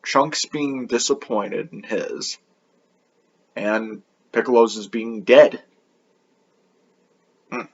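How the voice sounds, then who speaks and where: A man's voice: mid-range voice, extremely slow, pauses often, dull audio. A man hosting a comedic anime review show, sarcastic and swearing freely.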